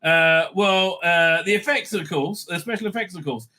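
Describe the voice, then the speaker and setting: Bright-voiced opinionated male reviewer. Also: sits high, moderate pace. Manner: animated, many fillers and restarts; sarcastic asides with laughs. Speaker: show host and reviewer.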